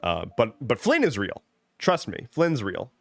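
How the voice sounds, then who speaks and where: A man's voice: on the low side, huge pitch swings, unhurried, vocal fry. Rambling man chatting on a live stream. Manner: rambling, joking, with many restarts. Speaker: live streamer reading chat. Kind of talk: casual live-stream chat. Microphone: webcam setup at home.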